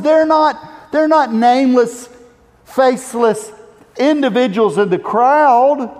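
Male pastor, passionate sermon, high and very lively voice, unhurried with big swells of emphasis. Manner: impassioned preaching, swelling to emphatic exhortations. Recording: echoey church hall reverb.

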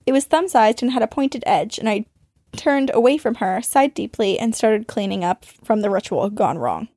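Higher-voiced woman telling a spooky tale. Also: lively intonation, dark tone, no echo, studio quality. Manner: dramatic storytelling, speeding up and slowing down for suspense. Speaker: podcast host. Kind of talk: reading a listener's ghost story aloud.

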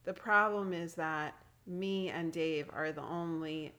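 A woman's voice: deep voice, slow pace, bright, forceful tone. A woman chatting as a podcast guest, giggly and agreeable, recorded on one handheld recorder. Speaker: guest, host's sister. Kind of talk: casual chat. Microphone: single handheld recorder.

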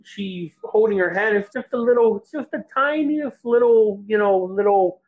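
A young man telling a long story in a casual chat, rambling and halting, acting out the voices of the people in it. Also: sits high. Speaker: guest. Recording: tinny phone-like line.

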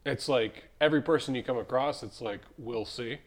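A man's voice: medium pitch, brisk. A man hosting a podcast, reflecting thoughtfully and thinking aloud in casual chat. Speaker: podcast host.

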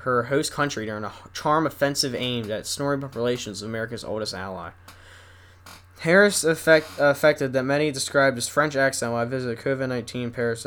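A young man hosting a solo podcast, rambling casually and reading news stories aloud haltingly with asides. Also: mid-range voice, fairly bright tone. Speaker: podcast host.

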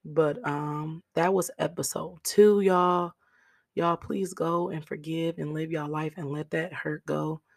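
A woman hosting a solo podcast in a raspy, hoarse voice, earnestly encouraging her listeners. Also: sits low, fairly even intonation, slow pace. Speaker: podcast host.

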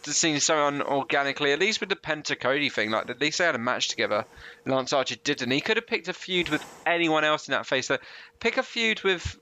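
A man co-hosting a casual wrestling chat, relaxed and quick to laugh. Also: fairly high pitch. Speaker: wrestling podcast co-host.

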